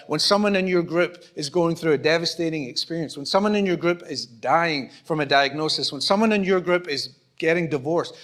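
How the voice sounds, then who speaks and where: A man's voice: on the high side, a bit bright. Scottish man preaching a conversational sermon. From Scotland. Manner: conversational, acts out small dialogues, self-deprecating humour. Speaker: pastor. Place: church auditorium.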